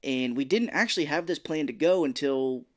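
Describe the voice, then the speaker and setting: Chatty man co-hosting a podcast. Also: on the high side. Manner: animated, slips into quick voices while retelling scenes. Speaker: podcast co-host. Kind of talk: casual chat.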